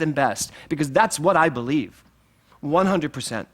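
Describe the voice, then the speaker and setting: Animated, playful male minister preaching. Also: a little high, moderate pace. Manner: animated, playful, laughs through his points. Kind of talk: sermon. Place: spiritual center sanctuary.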